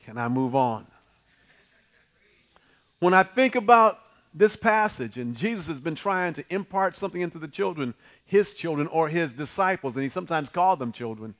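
A man's voice: on the high side, expressive, moderate pace, a bit bright. A middle-aged man preaching a folksy sermon, calling out to the congregation and acting out the voices he quotes. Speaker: pastor.

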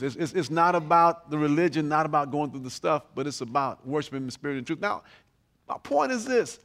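Bright, high-voiced animated preacher. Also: male voice, fairly quick. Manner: animated, humorous, repeats words when building up. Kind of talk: sermon. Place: church.

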